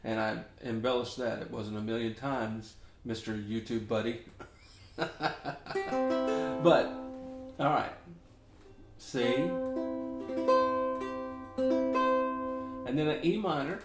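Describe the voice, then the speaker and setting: A man's voice: medium pitch, expressive, slow pace, pauses often, over loud music. Folksy Southern US man, roomy sound. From Memphis, Tennessee. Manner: rambling, folksy, chuckles often. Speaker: ukulele teacher. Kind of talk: casual chatty tutorial. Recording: roomy echo.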